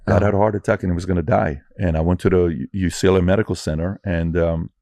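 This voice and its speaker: Man with a very deep voice, intense and blunt, telling a personal story, dry close sound. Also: steady tone, quick pace, dark tone, dry recording. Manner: intense, blunt, self-critical. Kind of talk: emotional personal anecdote.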